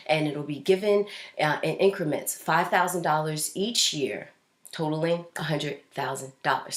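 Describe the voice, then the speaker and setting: A woman's voice: sits low, echoey room. Chatty woman hosting a news show. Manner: chatty, with fillers and restarts. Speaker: host. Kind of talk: casual news commentary.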